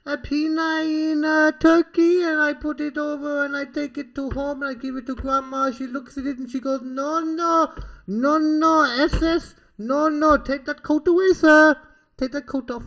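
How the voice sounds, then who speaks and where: A man voicing an overexcited character with a put-on Pakistani accent, squeaky and drawn out. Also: fairly even intonation. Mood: silly. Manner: squeaky, drawn-out, rising shouts. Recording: slightly muffled podcast audio.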